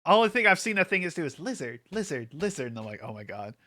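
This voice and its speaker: A man's voice: fairly high pitch, very animated, quick pace, bright, forceful tone. A man streaming casually, rambling with lots of fillers and frequent laughter, hyped up from an energy drink. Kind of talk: casual livestream chat.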